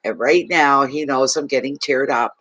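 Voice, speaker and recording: A man's voice: medium pitch, moderate pace, pushed and bright. A man from Canada chatting casually on a livestream as a fortune reader, emotional, thanking viewers and talking to his dog.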